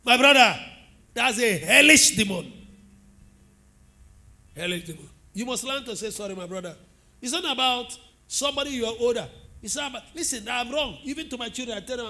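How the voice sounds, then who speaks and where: A middle-aged Nigerian man preaching, his voice pitched very high for a man and ringing bright. He tells stories with animation and keeps asking the congregation questions. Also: expressive, a little fast, pauses often. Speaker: pastor. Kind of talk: sermon.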